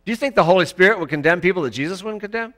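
Emphatic high-voiced male preacher. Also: expressive, very fast. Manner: emphatic, rising to loud exclamations. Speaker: pastor. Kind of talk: sermon. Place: church.

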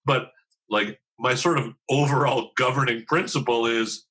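Speaking with a bright, forceful tone at medium pitch, a man in his fifties, a TV writer, chats candidly as a podcast guest. His delivery is steady and moderately paced yet rambling and self-deprecating, full of restarts, captured on a rough recording.

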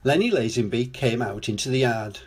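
An older man reading a children's storybook aloud in a gentle, lively storytelling manner. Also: mid-range voice, normal speed, breathy edge.

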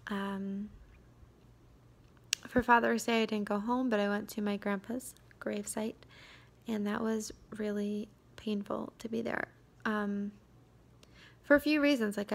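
Quiet, hesitant young woman with a gravelly voice. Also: medium pitch. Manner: quiet, hesitant, many fillers, slips into whispers. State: drained and tired. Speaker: vlogger. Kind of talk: confessional vlog.

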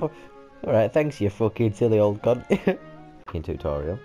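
Give me a young British gamer hosting his let's-play with crude, loud jokes and plenty of swearing. His voice is lively and swings freely in pitch. Faint game music plays behind him. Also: a little slow. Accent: British English. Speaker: gaming channel host.

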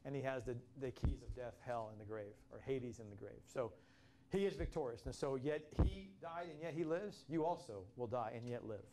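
A man's voice: mid-range voice, moderate pace, warm tone, slight background noise. A man preaching a sermon in an impassioned way, often restarting his phrases and acting out quotes. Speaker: pastor.

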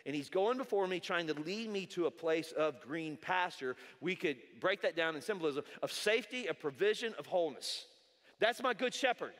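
A pastor giving a sermon in a casual, conversational way, repeating himself and slipping in jokes. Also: male voice, high voice, a bit bright. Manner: conversational preaching with repetitions and jokes. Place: large church hall. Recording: hall reverb.

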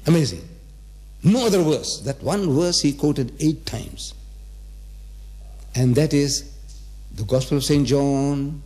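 A man's voice: a little high, a little mellow. A man in his seventies giving a religious lecture to a live audience, emphatic, repeating phrases and firing rhetorical questions at the listeners. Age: 70s.

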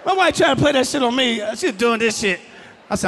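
A middle-aged male stand-up comedian on stage, loud and profane, breaking into shouted bits. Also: extremely high pitch, big pitch swings, fast, big-room sound, slight background noise. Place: comedy stage before a live audience.

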